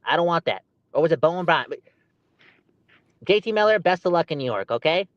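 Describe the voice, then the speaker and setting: A man co-hosting a podcast, ranting in an animated, exasperated way. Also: a little high, brisk, no room sound, highs cut off. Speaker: podcast co-host. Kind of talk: heated casual podcast chat.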